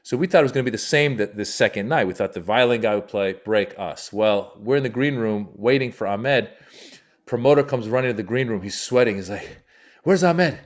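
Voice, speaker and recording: Lively storyteller, a man with deep voice. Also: a little fast. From Iran. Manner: acts out quoted voices with big pitch jumps. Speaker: comedian guest. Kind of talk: animated storytelling.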